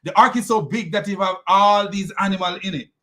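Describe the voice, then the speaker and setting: A man's voice: sits high, a little fast, pushed and bright. A man hosting a critical commentary, talking in a mocking tone, laughing often and restarting his sentences. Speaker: host.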